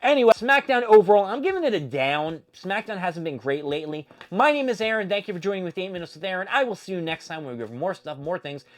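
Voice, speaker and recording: A man hosting his own show, giving a casual, animated wrestling recap with swearing and quick impressions. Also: high-pitched. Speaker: show host.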